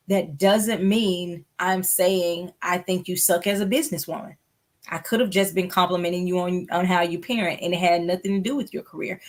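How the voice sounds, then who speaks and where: A middle-aged woman host talking through mental health tips in a live broadcast, earnest and explaining with everyday examples, pausing often with "um.". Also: fairly low pitch. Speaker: host offering therapy.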